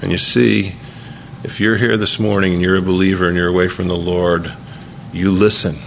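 A man's voice: deep voice, level tone, normal speed, vocal fry, slight background noise. A man pastor delivering a sermon to a congregation in church, telling a story and often repeating his words as he preaches.

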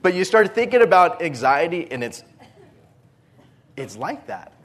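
A man preaching a sermon as a pastor, telling stories with lively, animated delivery and acting out his own panic. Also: fairly high pitch, measured pace.

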